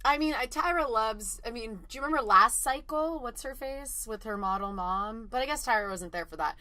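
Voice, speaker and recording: A woman's voice: a little high, fairly quick, pushed and bright, no echo. A woman co-hosting a podcast in casual chat, frank and wry, with blunt remarks and easy laughter. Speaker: podcast co-host. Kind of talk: casual chat recapping a reality show.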